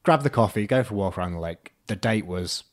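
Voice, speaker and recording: Young man, lowish voice, chatty podcast guest who narrates by acting out the dialogue. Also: fast talker. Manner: animated storyteller, acts out both sides with "I'm just like". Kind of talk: casual storytelling.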